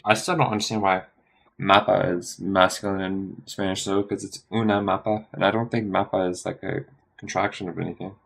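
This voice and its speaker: A man's voice: deep voice, flat delivery, fairly quick, creaky, a bit bright. A man thinking aloud during a study stream, muttering and correcting himself as he works through a quiz, tired and yawning.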